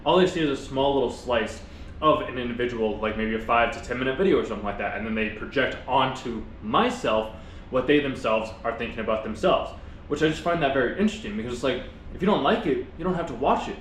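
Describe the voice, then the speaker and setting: Fast-talking man chatting with his mouth full. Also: medium pitch, roomy sound, slight background noise, rough recording. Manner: talks with his mouth full while eating; earnest, reflective, rambling with restarts. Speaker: vlogger. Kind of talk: casual motivational monologue.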